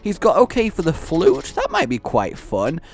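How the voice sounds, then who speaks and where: Excitable rambling gamer with lively pitch. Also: male voice, moderate pace. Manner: excitable, rambling, breaks into silly voices and shouts. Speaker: gaming channel host. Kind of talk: let's play commentary.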